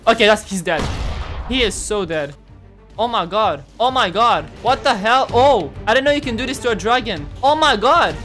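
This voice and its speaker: Excitable young man doing gameplay commentary. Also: high voice, moderate pace, faint music behind. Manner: excitable, exclaiming and taunting opponents. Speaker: gaming channel host.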